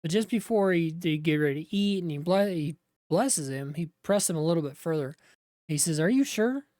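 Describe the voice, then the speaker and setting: A woman teaches by retelling a scripture story in a relaxed, conversational way, turning aside now and then to speak to her viewers. Her voice sits low, and the recording is dry and close. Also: brisk, no room sound. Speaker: Bible teacher.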